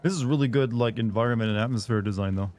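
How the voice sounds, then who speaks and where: A man's voice: medium pitch, quick pace, a little mellow, a little hiss or hum. A man casually commenting as he plays a game on stream, rambling and cracking crude jokes to his chat.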